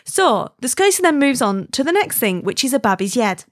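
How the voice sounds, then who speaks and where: A woman's voice: fairly high pitch, big pitch swings, fairly quick, dry recording, clean studio sound. A married woman from Wigan with a Wigan accent, telling a story in an emphatic, chatty way and often asking "right?". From Wigan, northern England. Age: adult, married. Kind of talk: casual storytelling.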